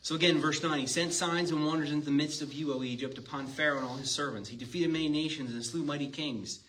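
A man's voice: fairly high pitch, fairly even intonation, quick pace, a bit bright. Man preaching from a distance. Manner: conversational, asks the congregation questions. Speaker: pastor. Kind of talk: sermon with scripture reading. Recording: distant mic with faint ambience.

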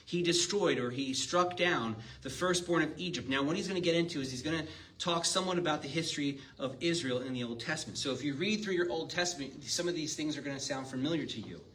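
A man's voice: fairly high pitch, fast talker, a bit bright. Man preaching from a distance. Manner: conversational, asks the congregation questions. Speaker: pastor. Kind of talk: sermon with scripture reading. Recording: distant mic with faint ambience.

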